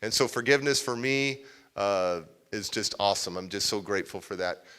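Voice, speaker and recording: A man's voice: fairly low pitch, brisk, fairly bright tone, clear, resonant tone. A man, a motivational speaker, telling a confessional personal story to a live audience at a civic center and acting out the voices he quotes. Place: civic center event hall.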